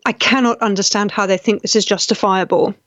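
A woman's voice: mid-range voice, steady tone, a bit bright, dry recording, highs cut off. A woman hosting a live talk show, speaking with indignation, often restarting her sentences as she reads viewer comments. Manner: indignant, halting with frequent restarts. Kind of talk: casual live-stream commentary.

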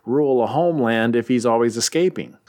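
A man in casual chat, recapping a comic as a podcast co-host, animated and jokey. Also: mid-range voice. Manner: animated, puts on quick silly voices while retelling.

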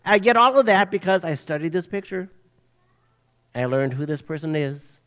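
An older man preaching a sermon, telling a children's story with an animated preacher's delivery. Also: fairly high pitch, normal speed, clean tone. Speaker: pastor.

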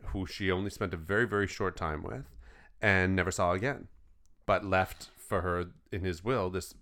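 A man's voice: deep voice, fairly even intonation, moderate pace, bright, forceful tone. A young man co-hosting a casual film chat, an enthusiastic, rambling storyteller. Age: young adult. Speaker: podcast co-host.

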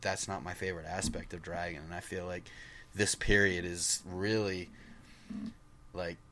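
A man's voice: sits low, flat delivery, moderate pace, bright, forceful tone, slight background noise. A man co-hosting a comic book podcast, talking casually and hesitantly with frequent restarts. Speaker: podcast co-host.

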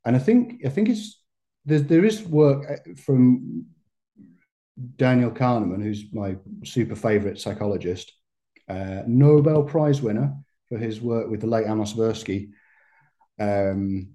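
A man's voice: lowish voice, a little slow, warm tone. A man, a massage therapist and educator, talking as a podcast guest in a reflective way, often restarting his phrases and laughing lightly. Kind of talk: conversational podcast interview.

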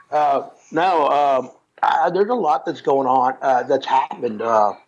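A man's voice: mid-range voice, slow pace. A man co-hosting a podcast, rambling through funny stories with laughs and stammered restarts. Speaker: podcast co-host, comic artist. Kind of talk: casual storytelling chat. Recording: dull lo-fi sound with faint noise.

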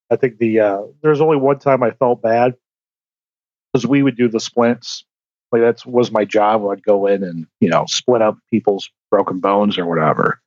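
A man's voice: lowish voice, normal speed, no room sound, highs cut off. A man guest on a podcast, telling stories casually, acting out quotes and swearing as he goes. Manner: animated storyteller, acts out quotes, swears. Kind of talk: casual storytelling chat.

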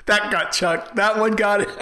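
A man with a slightly raised voice trades wry jokes in loose podcast banter. He slows down to drawl his punchlines. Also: high-pitched, pushed and bright. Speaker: podcast co-host. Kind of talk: casual crude banter.

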